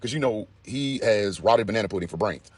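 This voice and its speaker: A man giving casual, profane commentary in an animated way, with laughing asides. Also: on the low side, a little fast, slightly rough, no echo.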